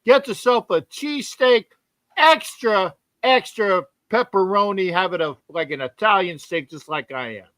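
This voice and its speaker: A man putting on a loud South Philly character and boasting about cheesesteaks in an overdone fake accent. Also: sits high, expressive, unhurried, dry recording. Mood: brash. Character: loud South Philly guy, brash male fan.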